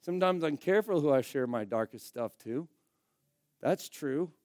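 A male pastor preaches in a high-pitched voice, talking to his congregation like a friend. He swings between loud emphatic bursts and quiet asides. The sound is dry and close, with no room echo. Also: animated, normal speed. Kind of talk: sermon.

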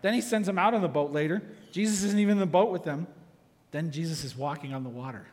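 Male pastor preaching with animated energy, fairly high voice, long hall reverb. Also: quick pace. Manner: animated, acts out quotes with sudden loud shouts. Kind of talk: sermon.

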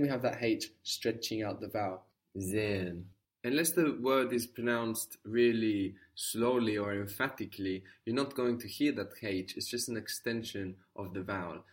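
A man's voice: lowish voice, far from the mic. A man teaching an audio language lesson, patiently prompting a student and repeating the answers.

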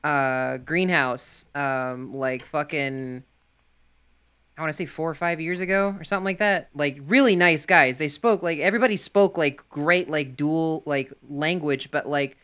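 A man in casual chat, rambling and cursing, often trailing off quietly. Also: fairly high pitch, measured pace, clean tone.

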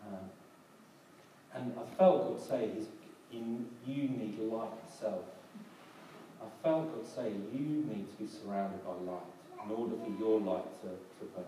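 A man's voice: on the low side, a little slow, warm tone. A man preaching a sermon as pastor, hesitant with many ums and restarts, recorded in a church hall. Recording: echoey hall from far off, background noise.

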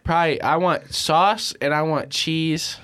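A young man with a fairly high voice jokes crudely through a prank call. He talks casually, laughs a lot and is audibly high. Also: steady tone, measured pace, a bit bright, clear, resonant tone. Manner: crude, joking, laughs often. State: high, intoxicated. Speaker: podcast host. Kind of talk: casual chat, prank calling.

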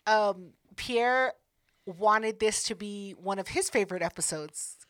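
A woman co-hosting a podcast, chiming in with quick jokes and backchannels. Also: mid-range voice, a bit bright, dry recording, studio quality. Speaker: podcast co-host. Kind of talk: casual chat.

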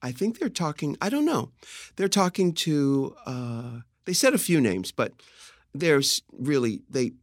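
A man's voice: on the high side, very animated, measured pace, dry recording. A middle-aged man co-hosting a podcast, chatting in a playful, wry way. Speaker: podcast co-host. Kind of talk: casual chat.

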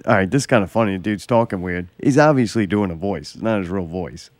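A man's voice: low-pitched, fast, no room sound. A young man hosting a podcast, telling crude, joking stories in casual chat. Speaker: podcast host.

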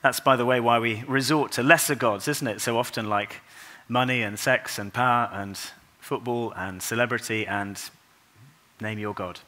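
In a church, a man preaches a Christmas sermon in a mid-range voice with fairly even intonation. He's earnest and unhurried, softening to a quiet voice for the tender passages.

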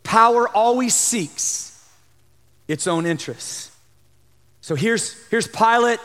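A man preaching a sermon as a pastor in a church, fervent, swinging between loud emphatic lines and hushed asides. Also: very high-pitched, lively intonation, slow, pauses often. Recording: long hall reverb.

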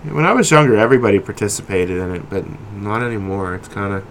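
Lower-voiced man with dry quips. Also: expressive, fast, a little hiss or hum. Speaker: podcast co-host. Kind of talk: casual chat.

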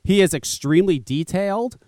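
A man's voice: sits high, a little fast, dark tone, no echo, studio quality. A man hosting a talk radio show, chatting casually in a rambling, profane way and laughing often.

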